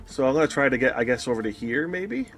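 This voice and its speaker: A man playing in a tabletop game, talking in a hesitant, halting way. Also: mid-range voice, big pitch swings, a bit bright, faint music behind. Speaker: player. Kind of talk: casual tabletop play.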